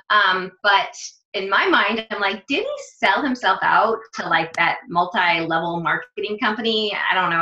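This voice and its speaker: A woman's voice: on the low side, pushed and bright. A woman fitness coach telling a story in a chatty, rambling way, often correcting herself mid-sentence. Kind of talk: casual storytelling monologue. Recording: dull lo-fi sound.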